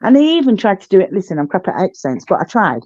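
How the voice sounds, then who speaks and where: A woman's voice: medium pitch, sing-song, fast talker, a little mellow, dry recording. Female call-in guest, chatty and easygoing, dry, muffled lo-fi phone sound. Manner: loose and talkative, says "listen" and "my darling" a lot. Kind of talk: casual chat. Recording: dull lo-fi call audio.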